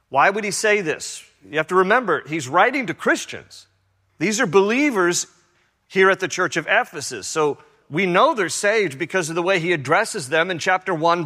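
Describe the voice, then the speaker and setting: A male pastor delivers a sermon in a slightly higher-than-usual, bright and forceful voice. He climbs loud and high when he tells a story, then drops soft and low for searching questions. A long reverb trails off each phrase. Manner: animated storytelling, rising loud and high in anecdotes, dropping soft for reflection.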